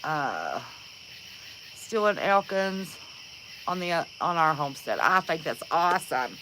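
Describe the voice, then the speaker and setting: A woman's voice: low voice, very animated, unhurried, background noise. A woman hosting a casual livestream, chatting and greeting viewers by name and calling them honey. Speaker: livestream host.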